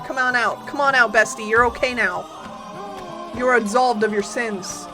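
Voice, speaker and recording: A woman's voice: fairly high pitch, moderate pace. A woman streaming a game, chatting casually and giggling with her viewers, swearing often. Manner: animated and giggly, greets chat, swears often. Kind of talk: casual live-stream chat while gaming. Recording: game music playing under voice.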